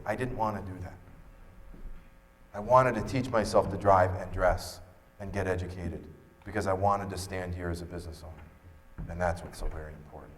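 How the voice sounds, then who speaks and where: A man giving a motivational keynote on stage, telling stories and acting out quoted dialogue with asides to the audience. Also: fairly low pitch. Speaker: motivational speaker. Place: large conference hall. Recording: reverberant hall.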